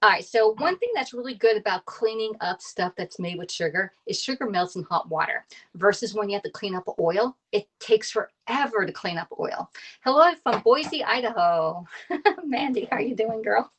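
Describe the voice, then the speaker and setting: A woman's voice: mid-range voice, lively intonation, moderate pace. Woman, thirties, chatty live-stream cook, laughs a lot, greets viewers by name. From Pennsylvania. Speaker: cooking live-streamer and kitchen tools consultant. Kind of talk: casual live-stream chat while cooking.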